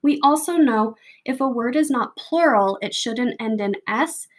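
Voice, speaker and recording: A woman's voice: a little high, expressive. A young American woman teacher recording a patient, step-by-step spelling lesson for families. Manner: patient, slow, step-by-step prompting. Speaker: second grade teacher. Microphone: home video recording.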